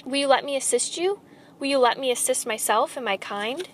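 A woman voicing a sly, smooth-talking male rat villain in a storybook reading, with a silky, theatrical delivery. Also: sits high, animated, fairly quick, slight background noise, voice pushed up. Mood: scheming. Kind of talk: storybook read-aloud.

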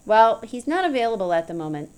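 A woman's voice: fairly high pitch, big pitch swings, fast, darkish tone, clear, resonant tone. A woman voicing a tall, tough, blunt woman with a wry, drawling, teasing manner in an audiobook.

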